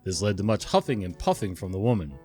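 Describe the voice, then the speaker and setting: A man telling stories in a relaxed, chatty manner, chuckling often and drifting into asides. His pitch moves around a lot as he talks. Soft guitar music plays quietly behind him. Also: fast. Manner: chuckling, conversational, digressive. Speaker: storytelling channel host. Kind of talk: casual story narration.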